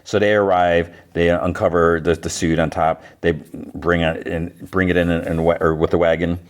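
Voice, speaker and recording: A man's voice: low-pitched, little pitch movement, normal speed. A man hosting a podcast, casually recapping a show scene by scene and quoting the characters' lines. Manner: retells scenes with quoted lines, many "like"s. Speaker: podcast host.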